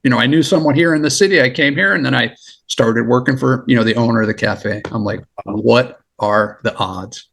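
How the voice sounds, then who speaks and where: Man, middle-aged, gravelly voice, animated, laughs a lot, repeats words. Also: mid-range voice, fast talker. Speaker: guest, former federal agent. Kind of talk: casual storytelling.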